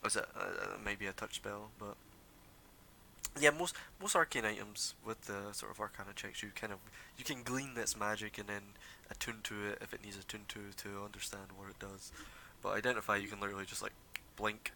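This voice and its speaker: A man narrates a tabletop game as its game master, meandering through descriptions with plenty of fillers. His voice sits fairly low but has a bright, tense edge. There is a faint hiss under the recording. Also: a little fast, creaky. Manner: relaxed, rambling description full of fillers.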